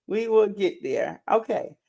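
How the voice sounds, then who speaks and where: A woman hosts a live stream in a chatty, excited way. She repeats her greetings over and over and talks to her viewers as "y'all". Her pitch sits in the middle for a woman. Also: a little slow, gravelly. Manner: uses Southern US words like y'all. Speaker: livestream host and founder. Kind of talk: casual live-stream chat.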